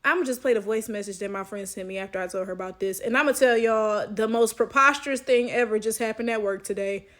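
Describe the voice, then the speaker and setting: High-voiced woman telling a story animatedly. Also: fast talker, hardly any pauses. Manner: animated, emphatic, swears freely, keeps asking "right?". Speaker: chess coach and vlogger. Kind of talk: casual storytelling to the camera.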